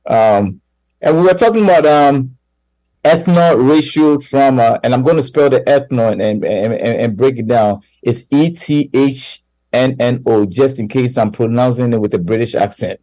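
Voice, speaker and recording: A man co-hosting a radio talk show, talking casually and haltingly with many fillers. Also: medium pitch, warm tone, no room sound, low-quality recording. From Ghana. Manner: halting, full of "you know" fillers. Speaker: radio co-host.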